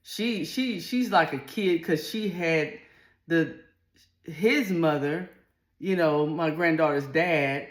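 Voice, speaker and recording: A woman's voice: sits low, takes it slowly. A middle-aged woman, telling a personal story to camera in a candid, earthy, blunt way. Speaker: vlogger. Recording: echoey room.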